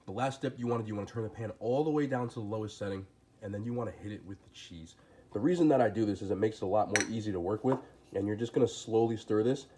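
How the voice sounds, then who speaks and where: A man with a stuffy, nasal voice from being sick talks quickly and casually while cooking at home. His voice sits fairly low, and faint frying and sizzling runs under his words. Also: noisy background. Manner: laid-back, chatty, talks while cooking. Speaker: cooking channel host. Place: home kitchen.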